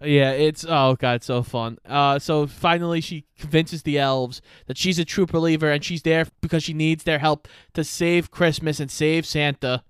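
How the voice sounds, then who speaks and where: A man's voice: on the high side, fairly even intonation, normal speed, few pauses, smooth, no room sound, studio quality. A man co-hosting a podcast, chiming in with wry asides while recapping a movie. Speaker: podcast co-host. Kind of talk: casual chat.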